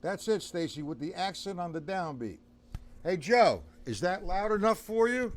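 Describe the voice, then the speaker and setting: A man runs a live-streamed drum lesson with a lively, up-and-down voice pitched slightly high. He talks casually and bluntly, checking in with viewers by name as he breaks down sticking patterns. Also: moderate pace, slight background noise. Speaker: drum teacher.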